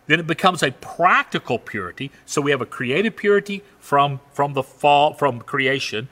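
A man preaching a sermon, emphatic and lively, slowing down for dramatic weight on key phrases. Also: fairly high pitch. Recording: echoey hall reverb.

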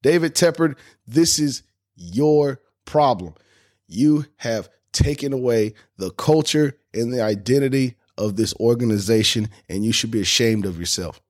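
A man hosts a fan sports podcast in a fired-up, indignant rant. He curses freely and sounds fed up. His voice sits at a plain middle pitch for a man. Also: moderate pace. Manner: heated, indignant, cursing freely. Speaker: podcast host.

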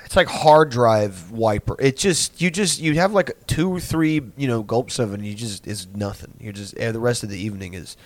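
A man's voice: medium pitch, moderate pace, hardly any pauses. Rambling, swearing young man. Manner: rambling, profane, full of filler words. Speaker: podcast host. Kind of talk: casual storytelling.

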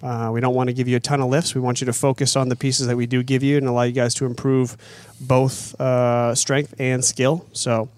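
A man's voice: mid-range voice, level tone, a little fast, darkish tone, dry recording. A man coaching athletes on an off-season training program, explaining it plainly in casual chat and pressing hard on the value of running.

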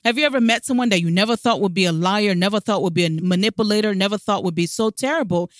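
A woman's voice: medium pitch, fast, no room sound, studio quality. A woman coaching her listeners with emphatic advice, asking rhetorical questions and speaking with a smile in her voice. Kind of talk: direct-to-camera advice talk.

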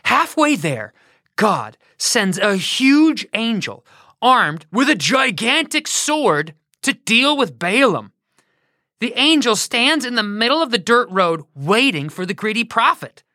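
A woman tells a Bible story for children, asking her listeners questions along the way. Her bright voice swings widely in pitch at an unhurried pace, and it sounds dry and close. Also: no echo. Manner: animated, asks listeners questions.

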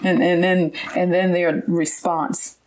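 A woman's voice: lowish voice, little pitch movement, slow, a little mellow, poor audio. A woman in a conversational Bible study who reads the verses aloud and backs up her partner.

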